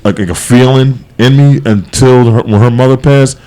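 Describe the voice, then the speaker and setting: A man co-hosting a podcast, talking casually in a rambling, animated way with many restarts and fillers. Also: mid-range voice, normal speed, clear, resonant tone. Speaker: podcast co-host. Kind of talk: casual chat.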